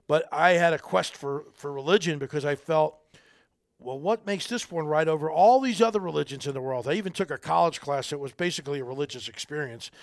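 Man, middle-aged, podcast guest, rambling folksy talk, gravelly, dry close sound. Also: a little high, no echo. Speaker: podcast guest, army veteran. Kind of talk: casual interview talk.

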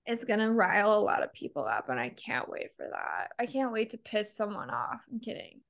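Ranting young woman with a gravelly edge. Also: medium pitch, sing-song, fairly quick, fairly bright tone. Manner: blunt, swears freely, rants with sarcasm. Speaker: podcast co-host. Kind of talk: casual chat.

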